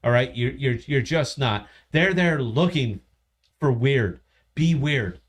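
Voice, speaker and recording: A man's voice: mid-range voice, expressive, slow pace. Tipsy, profane male podcast host. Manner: tipsy, profane, boastful storytelling. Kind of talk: casual chat on a livestream.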